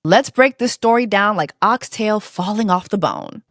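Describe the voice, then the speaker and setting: A woman's voice: mid-range voice, animated, moderate pace, dry recording, clean studio sound. A woman hosting a playful, sassy commentary show about viral stories, sometimes slipping into a mock news-anchor voice. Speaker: host.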